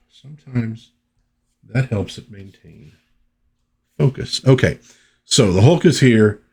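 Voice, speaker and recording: A man's voice: fairly low pitch, husky. A man hosting a casual comic book review, reading the credits and chatting through the pages. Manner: relaxed, conversational, chatty asides.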